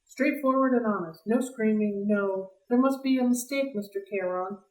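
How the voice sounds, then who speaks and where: A woman voicing a smooth, cold and greedy male ferryman of the dead who speaks in a silky, mocking way with a faintly British lilt. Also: a little high, moderate pace, natural voice. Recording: roomy, distant mic.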